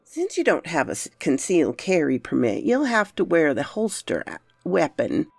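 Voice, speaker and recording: A blunt, folksy Southern pawn shop clerk, put on by a woman narrator, with a thick drawl. He talks plainly and bounces all over in pitch. The voice has a gravelly grain and sits in a dry, close space with soft music under it. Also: wildly swooping pitch, moderate pace, dry recording, heavily acted. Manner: blunt, folksy, drops to a hushed warning. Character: wary middle-aged Southern male pawn shop clerk.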